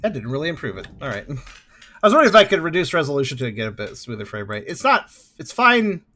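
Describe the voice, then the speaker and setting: A man's voice: mid-range voice, very animated, racing, sharp tone. A man hosting a let's play, talking through a game in a chatty way with muttered asides and frequent laughs. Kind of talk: gameplay commentary.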